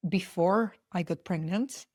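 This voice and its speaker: A woman's voice: fairly low pitch, unhurried, darkish tone, no echo, studio quality. A young adult woman hosting a personal podcast, talking in an earnest, heartfelt way with loose, rambling sentences and frequent restarts. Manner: earnest and heartfelt, openly spiritual. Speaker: podcast host.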